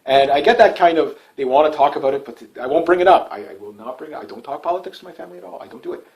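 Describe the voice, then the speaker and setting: A middle-aged man talks in a fast, rambling monologue, repeating himself and restarting sentences as he goes. His voice sits a little high for a man, and he barely stops for breath. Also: expressive, rough recording. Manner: rambling, repetitive, stumbles and restarts. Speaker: political YouTuber. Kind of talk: casual political monologue.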